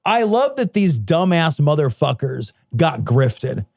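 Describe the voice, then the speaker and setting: A man's voice: on the high side, sing-song, creaky, a little mellow, no room sound, studio quality. A man co-hosting a podcast, chatting casually about politics in a heated, profane way. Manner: profane, heated, quick to laugh. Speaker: podcast co-host.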